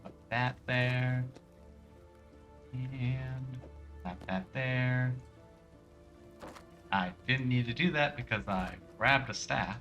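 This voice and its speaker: Rambling streamer man with a bright voice. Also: medium pitch, slow, pauses often, muffled recording, faint music behind. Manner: rambling and tangent-prone, heavy use of "like". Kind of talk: casual gameplay commentary.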